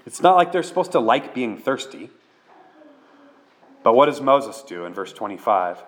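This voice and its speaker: A man's voice: medium pitch, sing-song, moderate pace, a bit bright. Male pastor, sermon delivery, earnest and conversational.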